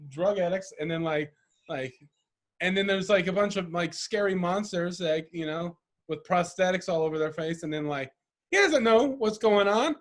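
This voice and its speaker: A man's voice: sits high, normal speed. Rambling, profane man co-hosting a podcast. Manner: rambling, loose and profane, laughs often. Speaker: podcast co-host. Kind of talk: casual chat.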